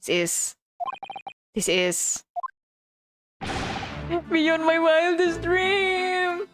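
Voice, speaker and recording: A woman's voice: medium pitch, measured pace, natural voice. A woman voicing a paranoid, theatrical young male student poet who speaks in melodramatic, alliterative outbursts, over game music.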